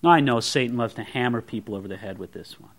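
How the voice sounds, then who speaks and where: A man preaching a sermon in a conversational, animated way, with joking asides. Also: mid-range voice, fast.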